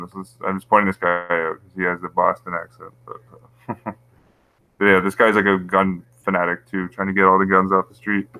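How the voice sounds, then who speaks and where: A man with a deep, smooth, sharp-toned voice hosts a relaxed YouTube livestream. He wanders through conspiracy talk as he reads the chat, frequently laughing at his own points, on a dry, low-quality recording.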